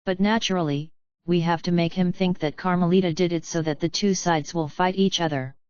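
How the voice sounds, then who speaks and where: A woman reading a gentle, scheming old master. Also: high voice, steady tone, clean tone, dry recording, natural voice. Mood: calm scheming. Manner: gentle, measured. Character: calm, scheming white-haired old male master. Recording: dull, lo-fi, dry.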